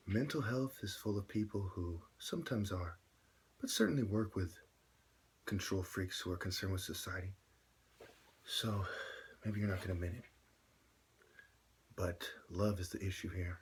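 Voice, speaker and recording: A man ranting alone to camera, full of "you know"s, swinging from a low mutter to loud shouts. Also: normal speed, long pauses, noisy background. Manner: filler-heavy, many "you know"s. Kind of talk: solo rant to camera.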